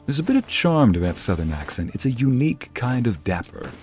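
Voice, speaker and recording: A man's voice: mid-range voice, sing-song, fairly quick, darkish tone, faint music behind. A man streaming a game, chatting casually and musing aloud as he reads out messages from his chat.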